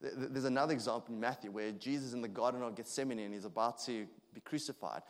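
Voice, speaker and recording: Male preacher, 30s, earnest, stumbles and restarts, mid-pitched, echoing hall. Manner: earnest, halting with frequent restarts and fillers. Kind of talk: sermon. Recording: long hall reverb.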